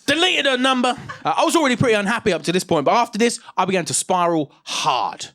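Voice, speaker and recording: Animated comedian with a lively, high-pitched delivery. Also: male voice, quick pace. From England, Essex. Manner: animated, self-mocking storytelling. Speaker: stand-up comedian. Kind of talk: stand-up comedy. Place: comedy stage before an audience.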